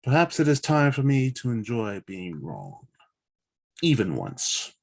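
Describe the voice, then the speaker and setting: A cold, sardonic alien officer, read by a man, speaks in clipped, formal sentences. His delivery stays dry and unhurried, with a touch of mocking detachment. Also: mid-range voice, wildly swooping pitch, gravelly, heavily acted. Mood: wry. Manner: dry, formal, without contractions.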